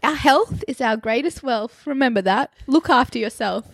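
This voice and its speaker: A young woman co-hosting a casual podcast, bubbly and animated, full of "like" fillers, close to the microphone. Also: fairly high pitch, moderate pace, gravelly, dry recording. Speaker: podcast co-host. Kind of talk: casual chat.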